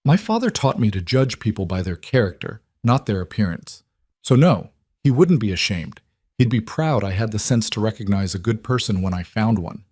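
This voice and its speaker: Firm, protective rancher for a western audiobook, hard and clipped, low and quiet; male narrator. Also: expressive, moderate pace, breathy edge, no echo, studio quality.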